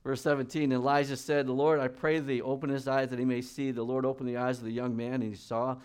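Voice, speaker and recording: A middle-aged man preaching a sermon as pastor, reading scripture and acting out the people in it in lively voices. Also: medium pitch, a little fast, smooth.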